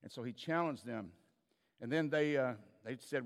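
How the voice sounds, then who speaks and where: A man's voice: medium pitch, moderate pace, in a large hall. A man preaching a sermon as a pastor, telling stories in a conversational way with frequent restarts.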